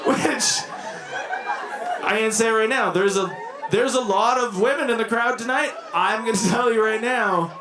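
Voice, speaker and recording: A man's voice: sits high, background noise. A young man doing a rambling, self-deprecating stand-up set, laughing at his own lines. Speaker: stand-up comedian. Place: comedy club stage before a laughing crowd. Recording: echoey club with crowd laughter. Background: audience laughing.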